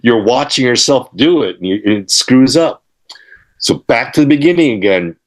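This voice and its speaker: An older man as an interview guest, telling studio stories in a rambling, halting way, with many fillers and restarts. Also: medium pitch, expressive. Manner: acts out quotes and laughs while telling stories. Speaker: interview guest, guitarist and author. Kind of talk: casual interview storytelling.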